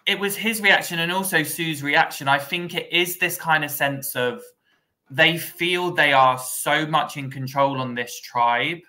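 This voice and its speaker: A man's voice: fairly high pitch, measured pace, pushed and bright. A man co-hosting a podcast, thinking aloud in casual conversational chat. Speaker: podcast co-host.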